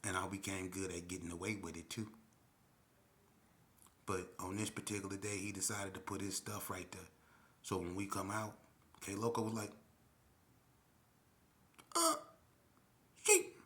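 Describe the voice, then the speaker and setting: A low-voiced man tells a story in loose, slangy street talk. He keeps checking in with the listener as he goes and speaks in a plain, unhurried way. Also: level tone, a bit bright. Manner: slangy, street talk with frequent "you know what I'm saying". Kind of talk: casual storytelling.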